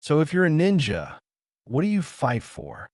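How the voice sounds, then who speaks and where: A polite, soft-spoken young ninja girl who talks gently and apologetically, as a man reads her lines. The voice is lifted above the reader's usual low tone. It is heard close and dry. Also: huge pitch swings, moderate pace, dry recording. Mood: gentle.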